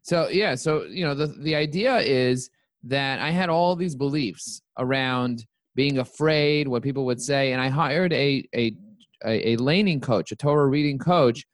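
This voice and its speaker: A man's voice: mid-range voice, a little slow, no room sound. A man, a company CEO, telling stories as a guest in a casual interview, acting out the dialogue as he goes. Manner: animated, acts out quoted dialogue.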